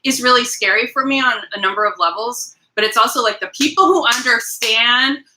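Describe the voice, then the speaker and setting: A woman's voice: a little high, a little fast, sharp tone, poor audio. A woman hosting a casual livestream, talking straight to her viewers in a rambling, emphatic way and greeting people in the chat. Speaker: livestream host.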